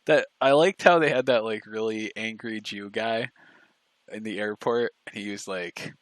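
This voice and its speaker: A man in casual chat on a live stream, rambling and halting with restarts and fillers. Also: fairly low pitch, dry recording. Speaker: stream co-host.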